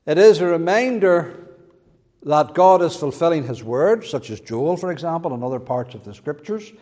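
Man, preacher, fervent sermon delivery, high voice, reverberant hall. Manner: fervent, rising to loud emphatic peaks.

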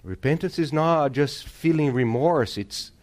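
A man's voice: on the high side, unhurried, darkish tone. Emphatic male preacher asking for amens. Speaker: pastor. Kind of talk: sermon.

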